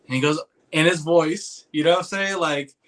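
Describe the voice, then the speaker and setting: A man's voice: fairly high pitch, moderate pace. A young man in casual chat, telling a long story, acting out the other people's lines with lots of restarts. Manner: animated, acts out quoted voices, rambling with restarts. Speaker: podcast host telling a story.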